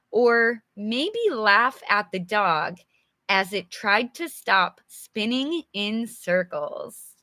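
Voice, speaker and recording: A woman's voice: medium pitch, bright, forceful tone, no echo, studio quality. A young adult woman teaching English on a live stream, reading a storybook and chatting patiently with viewers while explaining words simply. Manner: chatty, answers viewers' comments.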